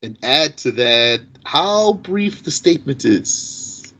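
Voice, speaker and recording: An animated man, teaching Arabic grammar and firing off rhetorical questions. His voice sits a little high, and its pitch swings widely as he stresses each point. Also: slow pace, low-quality recording. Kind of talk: explanatory lesson.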